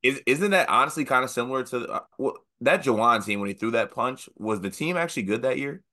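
A young man co-hosting a casual sports podcast, animated and joking, mocking coaches with put-on quotes. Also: medium pitch, fairly quick. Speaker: podcast co-host.

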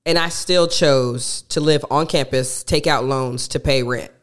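A woman's voice: a bass voice, unhurried. A woman from co-hosting an advice podcast, emphatic and chatty, repeating her key points. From Athens, Georgia, US. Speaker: podcast co-host. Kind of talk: casual advice chat.

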